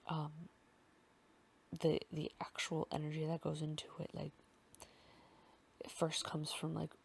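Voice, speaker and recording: A woman hosting a casual fanfic recap, rambling with many fillers and often slipping into a soft half-whisper. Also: sits low, completely flat delivery, measured pace, vocal fry, breathy edge. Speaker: podcast host recapping a fanfic.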